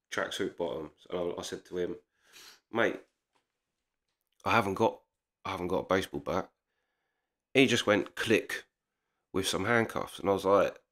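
A man's voice: low voice, a bit bright. A man telling a heated personal story in casual speech, swearing often and acting out the dialogue. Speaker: storyteller vlogger.

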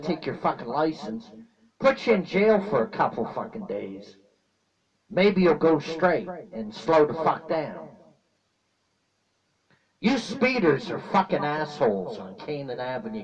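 A man ranting angrily at speeders on his vlog, swearing constantly and repeating threats. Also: on the high side. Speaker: YouTube vlogger. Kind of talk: angry profane rant to camera. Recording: muffled distant mic with crowd noise.

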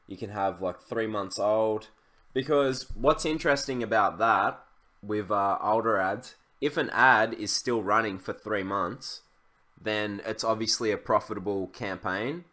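A man's voice: on the low side, fairly bright tone. A young man, chatting casually through a screen-share tutorial, loose and full of fillers and restarts. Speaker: e-commerce YouTuber.

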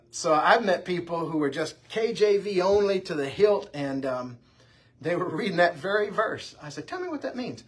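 A man's voice: on the high side, breathy edge. A man teaching an informal church Bible class, conversational and full of anecdotes. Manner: conversational, anecdotal, lively delivery.

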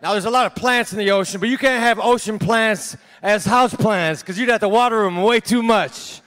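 A man in his thirties doing a stand-up set on a theater stage, delivering deadpan one-liners that trail off into small laughs at himself. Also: sits high, moderate pace, few pauses. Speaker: stand-up comedian. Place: large theater stage, live audience.

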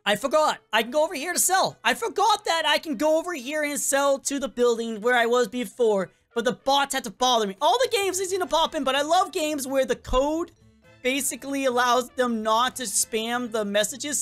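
A woman giving chatty, excitable game commentary and talking to the characters, her voice worn and cracking with a cough. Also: high-pitched. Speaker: gameplay commentator.

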